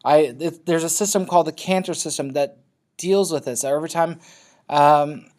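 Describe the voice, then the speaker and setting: A man teaches a class in a loose, conversational lecture, often checking in with his students with a frequent "okay?". His voice is on the high side with a darkish tone, at a moderate pace.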